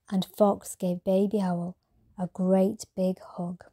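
Woman reading a bedtime story, super slow and soft, mellow tone. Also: mid-range voice, breathy edge. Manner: calm, gentle reading.

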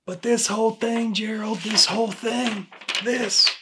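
A man's voice: high-pitched, fairly even intonation, unhurried, heavy background noise. A man playing a dry, exasperated HR boss. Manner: dry, pointed, repeats the name. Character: exasperated male HR supervisor. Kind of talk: comedy sketch acting.

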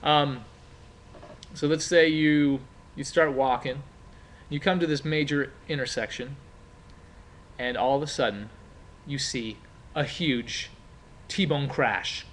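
Taking his time with long pauses, a man teaches a class in a casual, talkative manner, using plenty of fillers and rhetorical questions alongside role-play. His voice is mid-range and a bit bright, with slight background noise.

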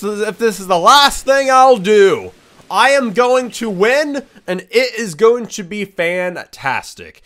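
A young man talks over his own gameplay in an unusually high, animated voice that jumps from grumbling to shouting. His tone is bright and tense, and he talks slowly. Faint game music plays underneath. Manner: frustrated, swings from muttering to loud outbursts. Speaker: gaming video host. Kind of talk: let's play commentary.

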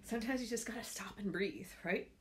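A woman's voice: mid-range voice, a little fast, a little hiss or hum. A woman, chatting casually and heartfelt in a rambling way with lots of fillers. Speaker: vlogger sharing essential oil tips. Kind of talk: casual chat to camera.

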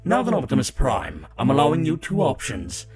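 A man's voice: mid-range voice, huge pitch swings, moderate pace, over music. A man voicing a pompous, short-tempered villainous robot warlord in a fan parody cartoon dub, speaking in a grandiose, theatrical way and barking orders. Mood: gloating.

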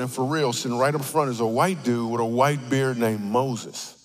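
A man's voice: medium pitch, normal speed, faint music behind. Man delivering a comedic sermon. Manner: animated storytelling with playful asides. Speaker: guest speaker. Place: church auditorium.

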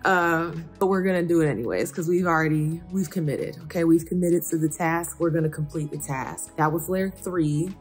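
Young female beauty vlogger, husky and breathy, casual and wryly exasperated while counting steps aloud. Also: fairly low pitch. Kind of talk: casual makeup tutorial chat.

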